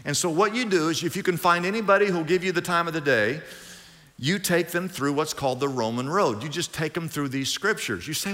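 Male pastor, fairly high and forceful delivery, animated sermon in a reverberant hall, plays out dialogues himself. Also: a little fast. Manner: animated preacher, acts out both sides of conversations.

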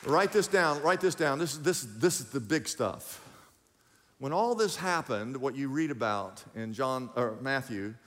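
Delivering a sermon in a mid-range voice with a long reverb tail, a pastor speaks straight to his flock. His preaching is lively, full of call-outs, questions to the congregation, and instructions to jot points down.

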